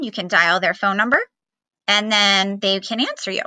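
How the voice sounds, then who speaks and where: A woman teacher giving a remote phonics lesson to young children, slowly sounding out letters and syllables in a patient, encouraging way. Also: medium pitch, sharp tone, no room sound.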